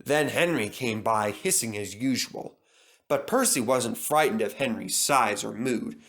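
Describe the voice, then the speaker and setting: A man's voice: mid-range voice, unhurried. A man reading a children's train story aloud as narrator. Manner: expressive, lively narration.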